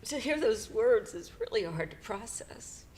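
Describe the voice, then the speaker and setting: A woman's voice: fairly high pitch, animated, a little mellow, a little hiss or hum. Middle-aged woman telling an emotional story. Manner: halting, emotional retelling with nervous laughs. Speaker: podcast co-host. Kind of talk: personal storytelling.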